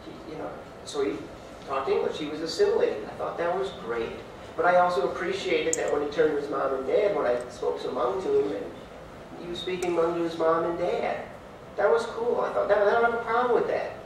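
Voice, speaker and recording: A man's voice: a little high, a little fast. A man who is a mayoral candidate, answering a debate question in a folksy, rambling way full of fillers. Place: large echoey hall, heard from far off. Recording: echoey hall, distant mic, faint hiss.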